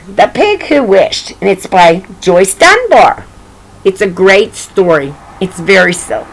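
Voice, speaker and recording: A woman's voice: mid-range voice, vocal fry, poor audio. An older woman reading a picture book aloud to children, chatting affectionately and pointing out the pictures. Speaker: story reader.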